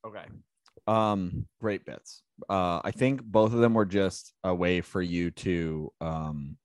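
A man co-hosting a podcast, halting and searching for words as he talks. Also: deep voice, steady tone, no echo, clean studio sound. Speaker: podcast co-host. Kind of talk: casual banter.

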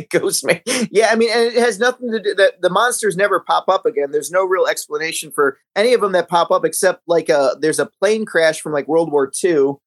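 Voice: mid-range voice, a little fast. A co-host in a casual movie review chat, rambling through stories with frequent hesitations. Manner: rambling, many uh fillers and restarts. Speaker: podcast co-host.

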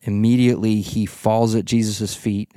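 A man hosting a podcast Bible study, telling the story with lively acted-out quotes. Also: lowish voice, normal speed, dry recording, clean studio sound. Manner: animated storytelling, acts out voices in quotes. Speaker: podcast host. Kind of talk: casual Bible study discussion.

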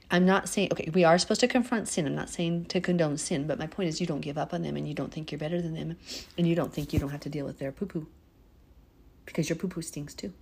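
Woman Bible teacher, earnest and preachy, husky mellow voice, casual sermon delivery. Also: low-pitched. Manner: earnest, preachy, chokes up emotionally.

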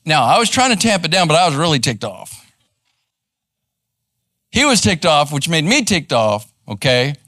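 A middle-aged man, a pastor teaching live in church, conversational and animated as he tells a story. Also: fairly high pitch, moderate pace, long pauses, no echo. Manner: animated, conversational, acts out quoted voices. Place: church sanctuary.

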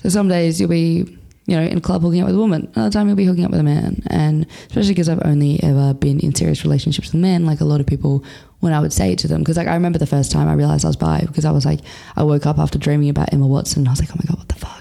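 A young Australian woman chats openly as an interview guest, swearing freely and leaning on fillers. Her voice is mellow and dark with a gravelly rasp at the ends of phrases. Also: sits low, steady tone, very fast, few pauses. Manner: frank and swears freely, laughs a lot, chatty with many fillers. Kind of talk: casual candid chat.

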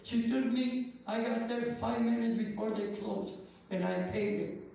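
A man's voice: extremely high pitch, steady tone, measured pace, gravelly. A male pastor praying fervently and telling personal testimony in a sermon, repeating "Lord God" between phrases. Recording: echoey, distant, dull lo-fi room recording with faint noise.

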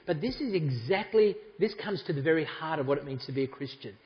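A man's voice: a little high, animated, a little fast, long reverb tail, lo-fi sound. A man preaching a sermon to a congregation, talking conversationally and making asides to the people in front of him. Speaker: pastor. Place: church hall.

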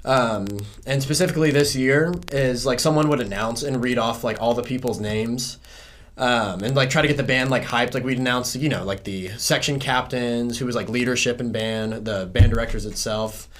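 Speaking at a moderate pace with fairly even intonation, a South Carolina man in his 20s chats loosely as a podcast guest. He's a music student whose rambling interview talk leans heavily on the filler "like," delivered in a medium-pitched, fairly bright voice.

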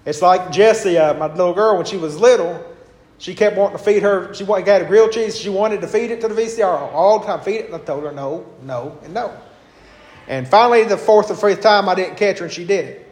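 A man with a high-pitched voice leads a Bible class, talking conversationally and pausing to search for words. He works through homely stories. The room is echoey around him. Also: a little mellow. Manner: conversational, with homely anecdotes and hesitations.

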